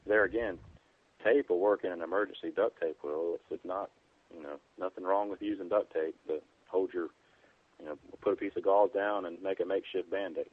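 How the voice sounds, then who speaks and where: A deep-voiced man speaks as a guest in a casual interview over a tinny phone line. He sounds dry and close, with no room around him. He explains in an easygoing, plain way and often pauses on "um" and "you know.". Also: no echo. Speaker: EMT guest on a preparedness podcast.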